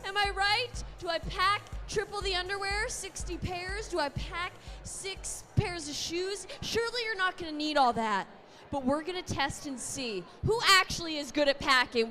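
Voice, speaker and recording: A woman's voice: very high-pitched, a bit bright. A woman hosting a between-innings contest, upbeat and playful with lots of teasing asides. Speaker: in-game host. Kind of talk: energetic stadium contest hosting.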